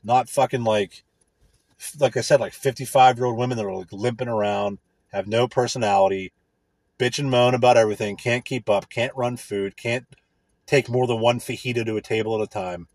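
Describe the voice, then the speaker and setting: Man, husky voice, crude sarcastic rambling, close dry sound. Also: medium pitch, fairly even intonation, fairly quick, darkish tone, no echo. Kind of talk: casual profane rant.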